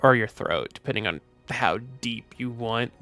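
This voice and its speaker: A man's voice: mid-range voice, normal speed, pushed and bright, faint music behind. A tired, sleepy man chatting casually on a live stream, rambling and offhand with the odd swear. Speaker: VTuber streamer.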